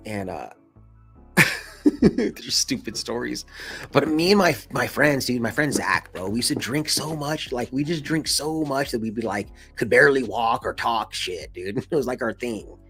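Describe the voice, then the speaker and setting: Husky man telling a slangy story. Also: mid-range voice, a little slow, faint music behind. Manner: slangy, swears often, laughs between lines, lively retelling. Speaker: vlogger. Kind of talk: casual storytelling.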